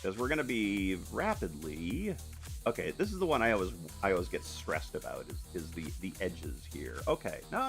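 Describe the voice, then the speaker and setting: A man in his painting studio talks loosely to his viewers as he works, with a lively, swinging pitch. He rambles, stumbles over restarts and pokes fun at himself. Faint music plays underneath. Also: moderate pace, vocal fry. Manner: rambling and self-deprecating, with frequent restarts and laughs. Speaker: artist streaming a live painting session. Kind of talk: casual chat while painting.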